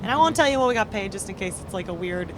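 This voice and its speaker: A woman in a moving van, telling a story in an upbeat, filler-laden way at a mid pitch. Clear road rumble runs under her voice throughout. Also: animated, rapid-fire. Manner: chatty, upbeat, with frequent fillers. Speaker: podcast host and band member. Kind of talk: casual storytelling chat.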